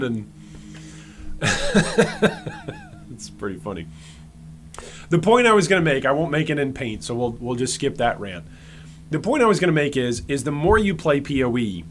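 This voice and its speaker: A man's voice: mid-range voice, slight background noise. Rambling American man streaming to chat. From United States. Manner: rambling, repeats words as he restarts thoughts; talks directly to his chat. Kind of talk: live-stream commentary on game patch notes.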